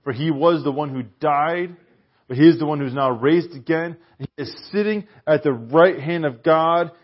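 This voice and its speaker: A man preaching a sermon in a conversational, animated way, sometimes dropping to a hushed softness. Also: on the high side, husky. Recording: dull, lo-fi church recording.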